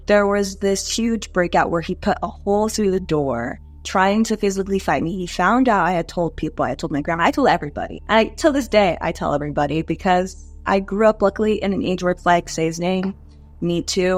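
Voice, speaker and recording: A young woman in her twenties tells her own life story to an interviewer in a candid, conversational way. Her voice sits a little low for a woman, and she leans on casual fillers and sometimes lifts her pitch to act out what others said. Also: dry recording. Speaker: interview guest.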